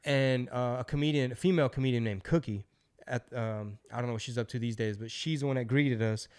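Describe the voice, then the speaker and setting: A man's voice: medium pitch, a little fast. Loose, profane man telling a story. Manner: loose, profane, animated storyteller who acts out quotes. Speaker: podcast host. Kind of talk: casual storytelling.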